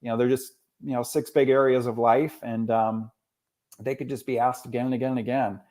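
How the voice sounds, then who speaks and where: Man in his forties, animated guest storyteller. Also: medium pitch, fairly quick. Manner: animated storyteller, often quotes others. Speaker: school counselor. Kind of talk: casual podcast conversation.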